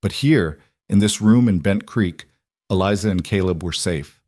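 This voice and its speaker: A man reading a story aloud in a steady, measured way. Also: deep voice, no echo. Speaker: narrator. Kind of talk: scripted narration.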